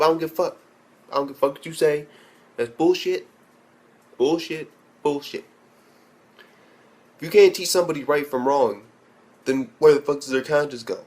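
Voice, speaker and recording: With a darkish tone, a voice on the high side, a moderate pace and long pauses, a young man rants about an anime. He curses constantly, speaks bluntly, and rambles through restarts.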